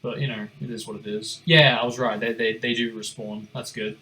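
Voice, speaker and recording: A man's voice: lowish voice, flat delivery, a little fast, bright, forceful tone. A young man giving casual gameplay commentary, rambling, muttering to himself and swearing now and then. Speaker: gaming streamer.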